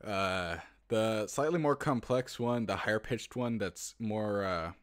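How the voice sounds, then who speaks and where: A man's voice: lowish voice, measured pace, dry recording, clean studio sound. A man explaining a silly tutorial in casual talk, rambling and fumbling for words with lots of fillers. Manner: breaks into laughter and loud hoots. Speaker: online tutorial maker.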